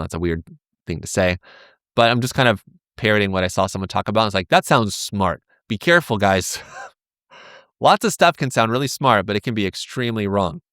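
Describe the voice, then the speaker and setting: A man's voice: on the low side, fairly bright tone, clear, resonant tone, no echo, clean studio sound. A man hosting a crypto trading channel, talking casually through charts with rambling, self-deprecating, joking asides. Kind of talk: casual chart-analysis vlog.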